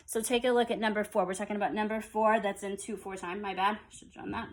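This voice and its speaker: A woman's voice: medium pitch, fairly even intonation, quick pace. A woman teaching a music rhythm lesson, explaining step by step and counting beats aloud.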